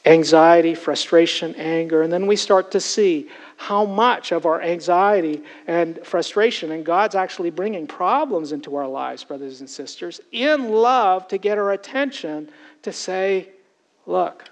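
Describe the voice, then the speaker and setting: A man's voice: high-pitched, lively intonation, measured pace, poor audio. A man preaching a sermon as pastor, earnest and emphatic, often turning to address his congregation directly.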